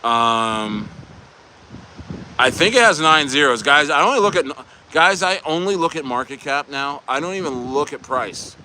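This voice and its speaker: A man's voice: fairly high pitch, expressive, moderate pace, pushed and bright, a little hiss or hum. A man hosting a casual crypto livestream, bantering and joking loosely with viewers in the chat. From United States.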